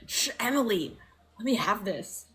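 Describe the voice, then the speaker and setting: A woman chatting on a livestream, animated and nerdy, swearing as she rants. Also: medium pitch, unhurried, breathy edge. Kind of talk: casual livestream chat.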